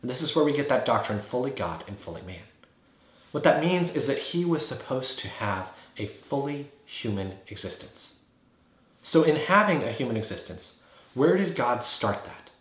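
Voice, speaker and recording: A man's voice: mid-range voice, very animated, moderate pace. Earnest man teaching in a roomy echo. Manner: earnest, builds points with repeated phrases and rhetorical questions. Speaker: Bible teacher. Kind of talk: explanatory teaching video.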